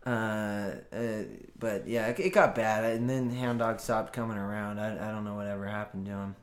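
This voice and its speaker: A man's voice: fairly low pitch, level tone, moderate pace, reverberant. A man from California chatting casually as a guest, hesitant with frequent restarts and easy laughs. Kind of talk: casual chat.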